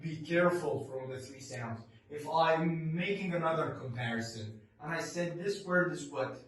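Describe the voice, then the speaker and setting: A man with an Egyptian accent and Arabic as his first language gives an English pronunciation lesson in a slightly high voice. He stresses each model word and poses questions he answers himself. His voice rings through a very echoey room, picked up from a distance. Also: fairly bright tone. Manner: drawn-out, emphatic model words, asks and answers himself.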